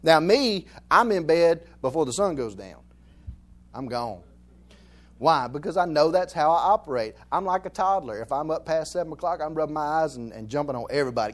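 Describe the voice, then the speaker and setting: A man's voice: a little high, animated, moderate pace. A man from Alabama with a Southern accent, preaching a conversational sermon in a folksy, joking way and repeating phrases for emphasis. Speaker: pastor.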